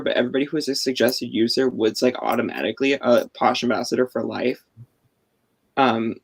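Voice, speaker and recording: A man's voice: medium pitch, fairly bright tone, poor audio. A man hosting a casual live-stream chat over a video call, explaining things at length with many fillers. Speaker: host.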